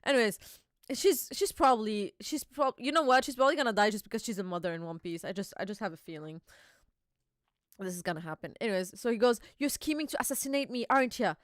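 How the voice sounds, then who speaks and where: A woman's voice: mid-range voice, fast talker, no room sound, studio quality. A young woman hosting a live reaction stream, chatty and giggly, reading dialogue aloud.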